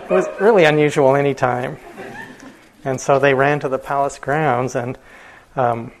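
A male meditation teacher telling a story in a dharma talk, relaxed, with fillers and chuckles. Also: medium pitch, moderate pace, very noisy.

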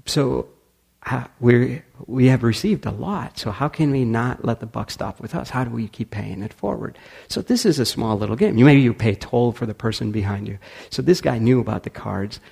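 Guy with a gravelly husky voice giving a dharma talk, animated storyteller. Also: mid-range voice, moderate pace. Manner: animated storyteller who acts out dialogue and laughs often. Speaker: speaker at a meditation community.

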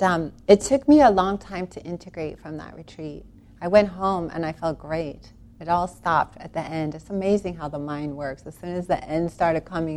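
A woman with a low-pitched voice tells a long personal story about a spiritual retreat. She's earnest and animated, rambling with restarts and laughing now and then.

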